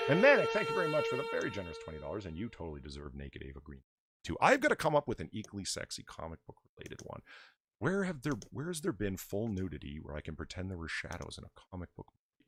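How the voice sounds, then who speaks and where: A man's voice: sits low, quick pace, soft background music. A man hosting a live stream, rambling casually and reading out donations. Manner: rambling, animated, reads donations aloud. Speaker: stream host. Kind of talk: casual livestream chat.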